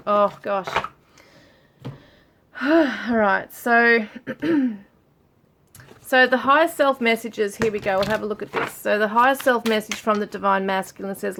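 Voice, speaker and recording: A woman giving a relaxed tarot reading, musing aloud with frequent fillers as she reads out card messages. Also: medium pitch, measured pace, a little hiss or hum. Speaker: tarot reader. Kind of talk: casual tarot reading for viewers.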